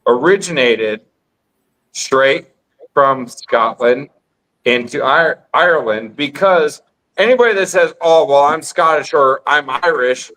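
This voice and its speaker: A man speaks slowly in a casual podcast chat. He rambles and insists on his point, repeating words as he goes. His voice sits a little high. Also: bright, forceful tone, rough recording. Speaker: guest on call-in podcast.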